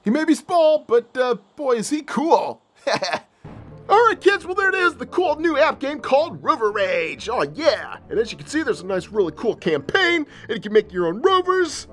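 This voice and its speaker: A performer voicing an excitable, giggly male puppet who hosts a kids' game play show, laughing often and making boom and beep sounds. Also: moderate pace, faint music behind. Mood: giddy. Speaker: host. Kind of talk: game play commentary for kids.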